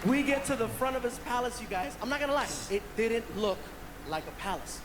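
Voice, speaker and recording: A man's voice: extremely high pitch, expressive, brisk. A man in his thirties telling a story on stage as a stand-up comic, acting out the people in it with energy. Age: 30s. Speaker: stand-up comedian. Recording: noisy stand-up show recording.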